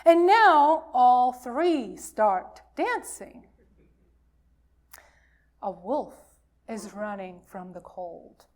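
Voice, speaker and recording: A woman minister reads a folktale aloud to her congregation. Her voice sits high and moves at an unhurried pace. Her telling is lively and expressive. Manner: slow, expressive storytelling. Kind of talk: reading a folktale aloud in a worship service.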